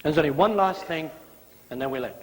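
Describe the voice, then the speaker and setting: A man's voice: fairly high pitch, fast talker, a little hiss or hum. A male guest preacher delivering a sermon, telling stories with playful, acted-out quotes. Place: church sanctuary. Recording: long church reverb.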